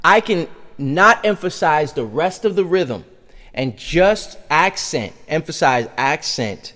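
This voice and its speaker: A man teaching a conga lesson, counting beats aloud and vocalizing drum sounds as he demonstrates. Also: a little high. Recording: reverberant room with loud congas.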